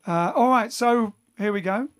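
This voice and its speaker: A high-pitched man at a moderate pace hosts a band livestream from his home in lockdown. He's the bandleader and singer, and between songs he chats loosely, wanders off topic, and corrects himself.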